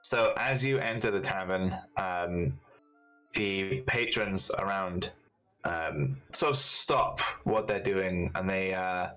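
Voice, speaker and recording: A man runs a tabletop game in a low voice. His narration is loose and easygoing, full of fillers, with faint music playing underneath. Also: slow pace, a bit bright, low-quality recording. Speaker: game master.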